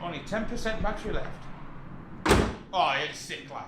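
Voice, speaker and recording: Chatty excitable bloke. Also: male voice, sits high, moderate pace, very noisy. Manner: excitable, rambling and jokey. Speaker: car channel host. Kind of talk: casual chat to camera.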